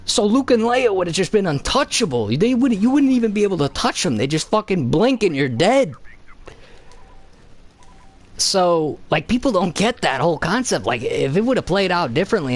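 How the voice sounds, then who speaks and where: A man streaming a video game, rambling in casual chat with heavy swearing and lots of fillers. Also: on the high side.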